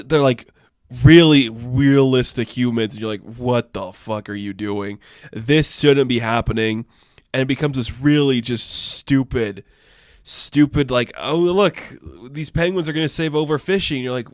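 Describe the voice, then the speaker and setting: A young man hosting a podcast, chatting casually about films in a rambling, animated way, with lots of fillers and swearing. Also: mid-range voice, no room sound, studio quality. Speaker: podcast host. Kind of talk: casual chat.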